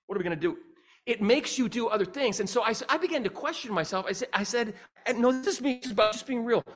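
A middle-aged man giving a humorous storytelling talk as a speaker and singer, animated and acting out dialogue. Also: fast. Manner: animated, acts out dialogue with big pitch jumps.

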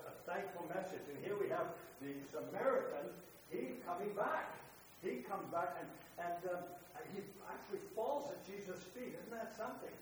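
A man giving an informal Bible sermon, rambling and repeating his words, with little chuckles to himself. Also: sits high. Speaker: preacher. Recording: distant mic in an echoey room with hum.

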